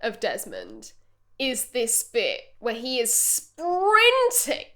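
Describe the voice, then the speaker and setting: Excitable woman with a high voice. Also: slow. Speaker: podcast co-host. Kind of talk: casual comedic chat.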